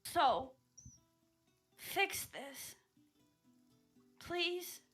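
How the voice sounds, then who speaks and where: A stern but loving adventurer, played by a woman, speaks slowly and earnestly. Her voice sits high and bright, with faint music behind. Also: big pitch swings, exaggerated voice. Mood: tender.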